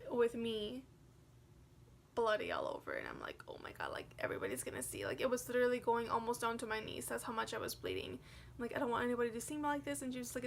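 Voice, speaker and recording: A woman's voice: on the high side, vocal fry, a little hiss or hum. A young woman vlogger telling a personal story in a casual, chatty way, full of "like" and quoted dialogue. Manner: chatty, animated retelling with many "like"s.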